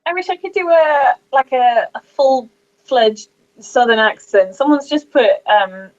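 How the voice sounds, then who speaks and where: Lively British woman, higher voice, dull sound. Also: normal speed. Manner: lively, laughs often. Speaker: co-host. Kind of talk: casual live-stream chat.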